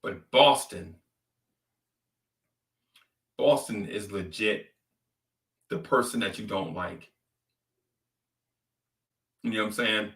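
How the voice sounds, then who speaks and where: A man's voice: lowish voice, takes it slowly, long pauses, fairly bright tone, roomy sound, far from the mic. A man hosting a casual sports talk show, ranting animatedly and repeating phrases for emphasis. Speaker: sports podcast host.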